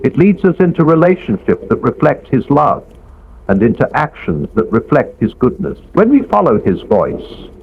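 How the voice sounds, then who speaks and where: A man with a gravelly, textured voice reads a devotional script in a measured, reflective way. His pitch moves in lively swells across each phrase. The recording is dull and lo-fi, with a faint hiss of noise underneath. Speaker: narrator.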